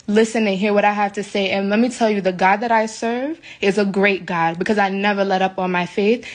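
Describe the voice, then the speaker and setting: An upset, shaken woman from the United States vents to her followers in a live video from a hotel room. She talks emphatically into her phone and repeats herself. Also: mid-range voice. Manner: emphatic and repetitive, venting. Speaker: vlogger speaking to her viewers.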